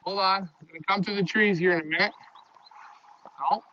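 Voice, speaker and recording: A man talking loudly to his pigeons as he shows his loft on a live phone stream. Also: high-pitched, fairly even intonation, brisk. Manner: loud, talks to his birds. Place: pigeon loft, outdoors nearby. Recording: dull lo-fi stream audio.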